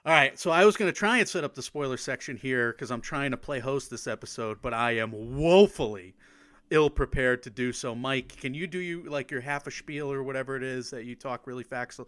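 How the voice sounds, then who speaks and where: A man's voice: mid-range voice, a little fast, a bit bright. A man co-hosting a casual podcast, loose and self-deprecating, often laughing. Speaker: podcast co-host.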